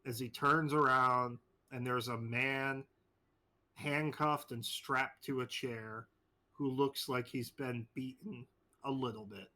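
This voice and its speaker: A man's voice: medium pitch, fairly even intonation, takes it slowly, bright, forceful tone. A man running a tabletop game over a voice call, narrating casually and swearing freely. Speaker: game master.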